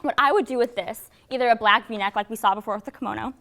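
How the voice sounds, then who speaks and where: Young woman, higher voice, casual fashion explainer. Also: fast talker, sharp tone. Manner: chatty and explaining. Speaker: fashion guest.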